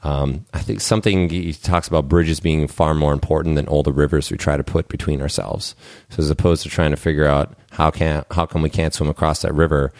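A man's voice: extremely low pitch, fairly even intonation, fairly quick, darkish tone, no echo, studio quality. A man hosting a podcast conversation, thinking aloud in a reflective way with many fillers. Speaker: podcast host. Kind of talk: conversational interview.

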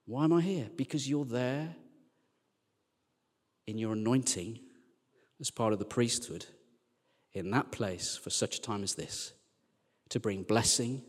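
A man preaching a sermon as a church team leader, chatty and joking, then turning quiet and earnest. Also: lowish voice, long reverb tail. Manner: conversational and joking, dropping to quiet earnest lines.

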